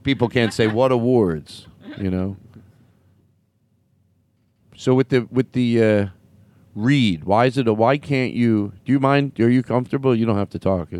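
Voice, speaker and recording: A man's voice: medium pitch, normal speed, pauses often, a little mellow, no echo. A man hosting a comedy podcast, teasing and rambling through improvised banter. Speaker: podcast host.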